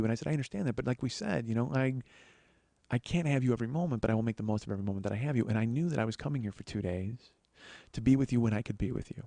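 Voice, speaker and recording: A man hosting a podcast, telling a personal story in a storytelling monologue, swearing often and getting louder and higher when worked up. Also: racing, creaky, no echo. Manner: profane, excitable, voice rising when worked up. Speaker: podcast host.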